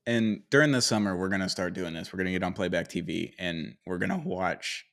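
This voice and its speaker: A man's voice: low voice, brisk, gravelly, a bit bright. A man co-hosting a casual sports podcast, joking and often laughing mid-sentence. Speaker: podcast co-host.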